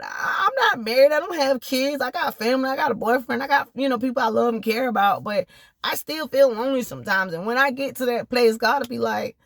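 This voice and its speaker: A woman's voice: a little high, brisk, gravelly, fairly bright tone. A woman speaks straight to the listener from inside her car. Her testimony is heartfelt and direct, and it leans into preacherly encouragement. The sound is close and dry, with no room echo. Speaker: vlogger sharing personal testimony. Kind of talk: earnest personal testimony.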